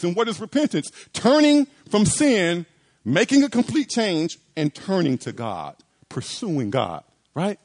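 Guy preaching a sermon, high voice that swings all over, keeps repeating himself and asking questions. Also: very animated, measured pace, darkish tone. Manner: rhetorical, repeats phrases, acts out quoted pleas.

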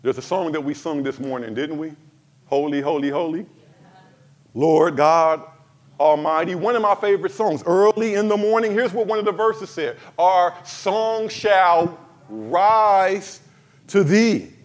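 A man preaching a sermon to his congregation, swinging from fervent cries to soft, emphatic lines and addressing the church directly. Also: a little high, normal speed. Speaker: pastor.

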